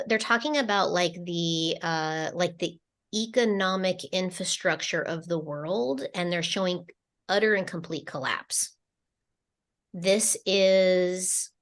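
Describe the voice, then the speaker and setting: A woman co-hosting a spiritual podcast, relaying channeled messages in a casual, meandering way with lots of fillers and restarts. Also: on the low side. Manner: slow, meandering delivery with many fillers and restarts.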